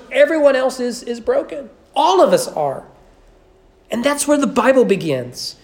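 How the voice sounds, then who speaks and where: A male pastor delivers a Sunday sermon from a church sanctuary. He speaks with earnest emphasis, stacking repeated phrases. He slips in the occasional dry joke. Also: high voice.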